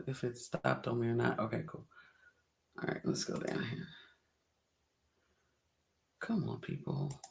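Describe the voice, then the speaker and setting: Guy hosting a casual stream on his computer mic, gravelly voice, upbeat, laughs a lot and repeats stuff. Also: medium pitch. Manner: upbeat and chatty, laughing often, repeating himself. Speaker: livestream host. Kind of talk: casual livestream chat.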